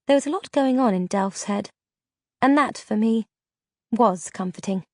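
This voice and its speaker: A woman narrating a fantasy audiobook in a clear, even storytelling manner. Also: fairly high pitch, normal speed, dry recording, clean studio sound.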